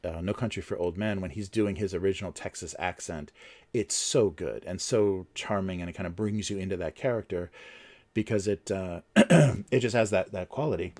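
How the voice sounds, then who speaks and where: A man's voice: low voice, moderate pace, a little mellow. A man hosting a casual livestream, talking in a rambling way with many fillers and restarts. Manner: chuckles between points. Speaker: livestream host.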